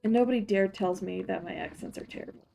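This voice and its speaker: A woman's voice: mid-range voice, quick pace, creaky, mellow, faint music behind. A young woman streamer in a put-on Scottish accent, chatting casually and giggling while she plays a game, muttering to herself now and then. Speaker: streamer playing a farming game. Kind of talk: casual gameplay chat.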